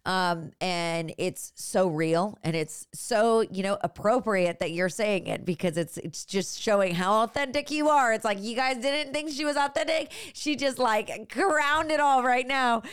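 A woman's voice: fairly high pitch, a little slow, few pauses, clear, resonant tone, dry recording, studio quality. A woman hosting a podcast interview, talking effusively and emotionally with many fillers. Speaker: podcast host. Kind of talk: casual interview chat.

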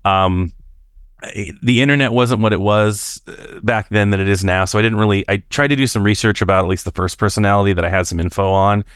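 Man, low voice, dry close sound, casual storytelling, animated, lots of restarts. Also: smooth, no echo. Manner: animated, jumps up in pitch to act out quoted voices; halting, with restarts and fillers. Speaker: caller sharing a personal experience.

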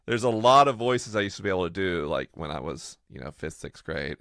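A young man co-hosting a relaxed chat with a very low voice that swoops up and down as he tells stories. He trades puns and jokes with an easy, animated manner. The sound is close and dry. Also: fairly quick, dry recording. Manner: playful, punning, animated storyteller. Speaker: co-host. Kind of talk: casual chat.

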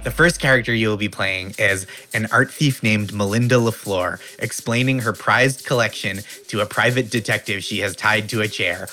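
A man's voice: on the low side, normal speed, few pauses, over music. A man hosting a game show, playful and self-mocking, laughing often. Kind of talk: casual chat.

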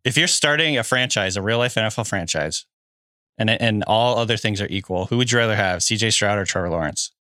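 A man's voice: on the low side, fairly quick, bright, forceful tone, clean tone, dry recording, clean studio sound. A man co-hosting a podcast, talking casually with a hesitant, hedging manner. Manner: hesitant, hedging, laughs often. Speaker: podcast co-host. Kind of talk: casual sports chat.

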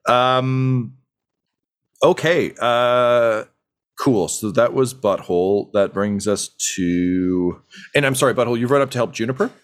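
A man's voice: mid-range voice, measured pace. A man narrating as game master, in a casual, rambling way full of fillers.

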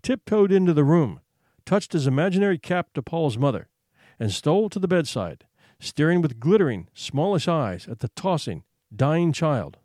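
A man narrating a short story in an expressive, suspenseful reading. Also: fairly high pitch, normal speed, no echo, studio quality. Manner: expressive, suspenseful, hushed for tension.

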